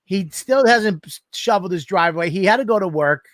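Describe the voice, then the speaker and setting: A man co-hosting a comedy podcast, swearing his way through a lively story on a studio microphone. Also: high-pitched, brisk, dry recording. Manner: animated, swearing constantly, acts out scenes. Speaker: podcast co-host.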